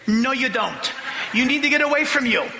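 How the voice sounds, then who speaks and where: A high, very bright male voice preaches with lively, swooping pitch and sharp emphasis. He slows down to read scripture and breaks into mocking voices. Long reverb from the church sanctuary trails each phrase. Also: gravelly, noisy background. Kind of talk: sermon.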